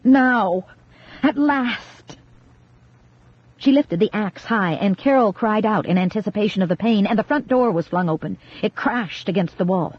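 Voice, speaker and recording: An audiobook narrator giving steady, measured scripted horror narration. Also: mid-range voice, no echo. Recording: dull lo-fi dry recording.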